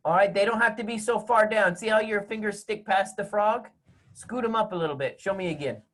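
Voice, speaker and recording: A man's voice: high-pitched, fairly quick, fairly bright tone. A man teaching music to a class of children over a video call from home. He jokes and teases as he gives step-by-step instructions. His voice comes through a laptop microphone. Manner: playful, teasing, joking with young students.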